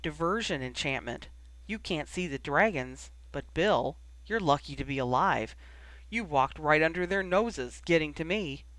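A man reading aloud gives us a cheerful young dragon keeper who jokes his way through a grim night, light and teasing, with a fairly high voice. It sounds close and dry, with no room around it. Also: expressive, measured pace, a bit bright, dry recording.

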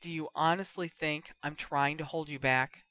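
A man reading a story aloud and voicing a patient, measured older male teacher who speaks calmly and quietly. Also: on the high side. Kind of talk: audiobook character voice.

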